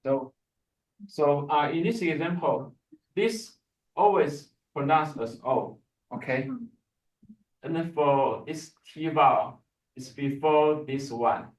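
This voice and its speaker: Slow-talking man teaching Hebrew. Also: fairly high pitch. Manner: slow, repeats words, pauses a recording to explain. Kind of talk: classroom lesson.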